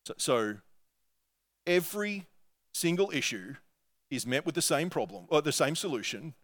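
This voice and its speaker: An Australian man delivers a sermon in a slightly raised pitch. He speaks earnestly but conversationally, like a pastor talking things through with his congregation. When he reads quotations aloud, he keeps the same sincere, measured tone. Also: lively intonation.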